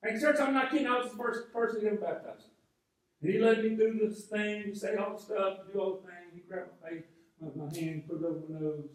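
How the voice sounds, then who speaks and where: In a large church sanctuary with lots of echo, a pastor from North Georgia, USA, narrates a personal story, his voice high and a little fast. His sermon is conversational, full of repeated starts, and he's picked up from far away.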